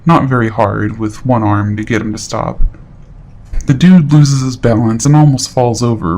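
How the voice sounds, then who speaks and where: A man reading a horror story aloud in steady, matter-of-fact scripted narration. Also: medium pitch, slight background noise.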